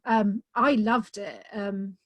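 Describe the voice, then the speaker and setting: A woman's voice: medium pitch, steady tone, slow, no echo. Chatty woman author, dry close sound. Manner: chatty and enthusiastic, many "um"s. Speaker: author being interviewed. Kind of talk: casual conversation.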